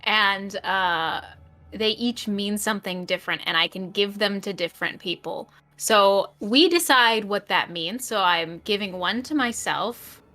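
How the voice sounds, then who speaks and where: A woman narrating a tabletop game scene and explaining the rules as she goes. Her voice is bright and her pace unhurried and measured. Faint music plays behind her. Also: mid-range voice. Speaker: player.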